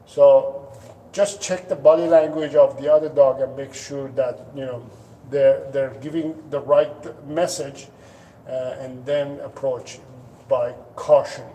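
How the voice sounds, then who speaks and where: A man's voice: mid-range voice, fairly even intonation, slow pace, mellow, far from the mic, slight background noise, low-quality recording. A man who is a dog trainer answering viewers' questions in a casual live stream, patiently explaining and sometimes acting out what a dog might be thinking. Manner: patient, explanatory, acts out dogs' thoughts in playful voices. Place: indoors at home, dogs nearby.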